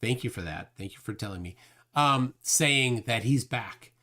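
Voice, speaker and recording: A man's voice: mid-range voice, animated, normal speed, sharp tone. Rambling man hosting a chat stream. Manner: rambling, reads chat comments aloud with frequent fillers. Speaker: livestream host reading chat. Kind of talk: casual livestream chat.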